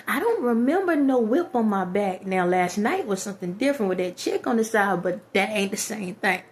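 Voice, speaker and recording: A woman's voice: medium pitch, fairly quick, hardly any pauses, darkish tone. A woman, talking casually to her viewers in a rhetorical monologue and often laughing at her own jokes. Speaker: vlogger.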